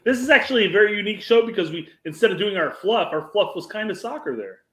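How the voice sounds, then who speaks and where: A man co-hosting a casual podcast, his voice pitched a bit high and swinging widely as he jokes around. He swears freely and trips over restarts. The room gives everything a noticeable echo. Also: expressive, fast talker, pushed and bright. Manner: joking, profane, frequent restarts. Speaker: podcast co-host. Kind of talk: casual chat.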